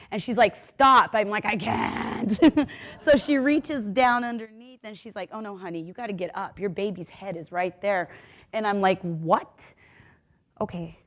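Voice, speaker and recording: An older woman speaks on a conference panel with a mid-pitched voice. She tells a personal story in a frank, vivid way. She acts out the voices of the people in it, moving from loud to soft. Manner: acts out quoted voices with big swings of loudness.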